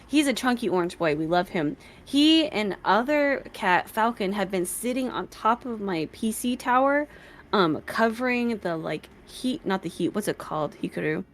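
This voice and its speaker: A woman's voice: medium pitch, lively intonation, moderate pace, a little hiss or hum. Bubbly rambling woman streamer. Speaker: tabletop game player on a stream. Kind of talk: casual stream chat.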